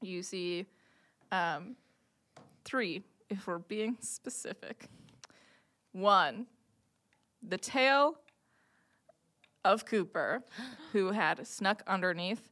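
A woman game master narrating a tabletop game in a loose, rambling way, filling gaps with fillers. Her voice is bright and clear, at a middle pitch. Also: lively intonation, extremely slow, pauses often.

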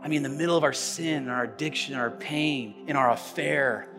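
A man preaching a sermon as pastor, telling stories with animation and swinging between loud, emphatic lines and hushed ones. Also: medium pitch, moderate pace, few pauses, big-room sound, music in the background. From United States. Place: church sanctuary.

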